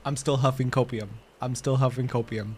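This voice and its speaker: A man's voice: mid-range voice, steady tone, a little fast, darkish tone, slight background noise. A man live-streaming a video game, reacting with emotional, rambling and swearing talk while joking with his chat.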